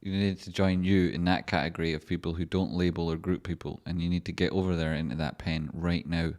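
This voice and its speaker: Sweary deep-voiced man rambling. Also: level tone, a little fast, darkish tone. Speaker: livestream host. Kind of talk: casual livestream chat.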